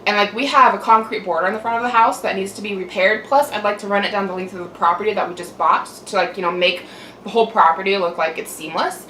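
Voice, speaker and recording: Venting casually on her mukbang vlog, a young adult woman sounds aggravated, swearing and saying "like" a lot. Her medium-pitched voice stays fairly even in intonation, fast and pushed bright, recorded from a distance with room echo and faint hum.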